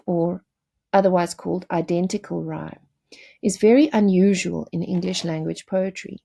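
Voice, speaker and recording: A woman teacher giving a measured, explanatory literature lecture, with occasional self-corrections and fillers. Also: mid-range voice, gravelly, mellow.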